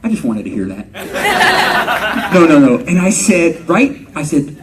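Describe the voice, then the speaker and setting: A middle-aged man answers fans at a convention panel with loose, joking stories, laughing and cursing as he goes. His voice sits a little high and swings widely in pitch. He sounds some distance from the microphone. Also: moderate pace, very noisy. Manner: animated, joking, laughs often, swears casually. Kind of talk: live fan Q&A storytelling.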